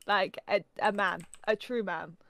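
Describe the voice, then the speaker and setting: A young woman from England with a softened Norfolk accent, co-hosting a casual podcast in chatty, laugh-prone talk full of "like". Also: medium pitch, fairly even intonation, gravelly. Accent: English, softened Norfolk. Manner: chatty, lots of "like", quick to laugh. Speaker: podcast co-host.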